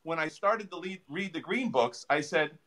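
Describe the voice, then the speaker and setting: Man, chiropractor guest, bright forceful tone, slightly high voice, animated storytelling, lots of fillers. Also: normal speed. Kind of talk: interview answers.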